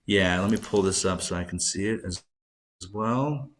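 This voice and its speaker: A man teaching a live class as a rabbi, joking and quizzing his students with animated energy. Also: sits low, normal speed, a little hiss or hum. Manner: playful, jokey, animated, asks the class questions. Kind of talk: lively live class lecture.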